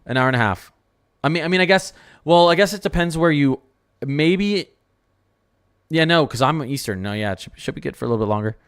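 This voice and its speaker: A man hosting a casual weather livestream, talking to his chat in an excitable, rambling way with lots of exclamations. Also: a little high, fairly quick, pauses often, clear, resonant tone.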